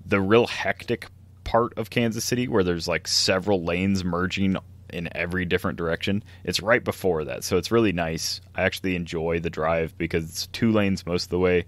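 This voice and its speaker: Deep-voiced man in rambling podcast chat. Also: steady tone, brisk, fairly bright tone. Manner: rambling, laughs often. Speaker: podcast co-host. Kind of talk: casual chat.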